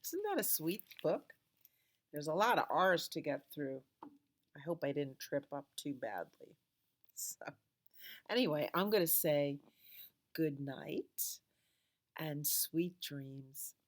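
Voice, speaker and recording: A woman reading a picture book aloud to children at a library storytime, in a gentle, expressive voice. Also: low voice, slow, long pauses.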